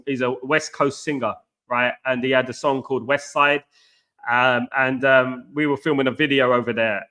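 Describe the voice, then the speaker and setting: Speaking in a medium-pitched voice that sounds pushed and bright, a middle-aged British man chats casually on his football channel's live stream. He rambles and repeats himself, calling viewers guys.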